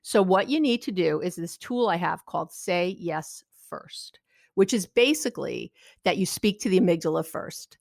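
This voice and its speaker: Lively middle-aged woman giving expert advice. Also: moderate pace, vocal fry, no echo, clean studio sound. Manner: acts out quoted people with big pitch jumps. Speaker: guest expert, therapist. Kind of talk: animated advice-giving interview talk.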